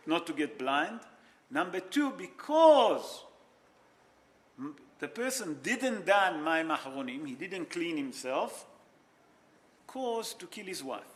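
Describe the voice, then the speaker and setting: A man teaching an informal class as a rabbi, telling a story in an animated way. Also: sits high. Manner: animated, mixes Hebrew and Yiddish terms, non-native grammar.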